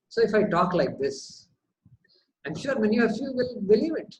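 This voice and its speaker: A man leading a question-and-answer teaching session, lively, with lots of rhetorical questions and repeated words as he works through a point. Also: high-pitched, moderate pace, poor audio. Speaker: spiritual teacher.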